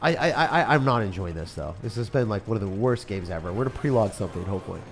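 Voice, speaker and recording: A young man giving live commentary on his game as a streamer, swinging between loud outbursts and low muttering. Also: animated, very fast. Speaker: gaming streamer. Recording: faint music behind voice.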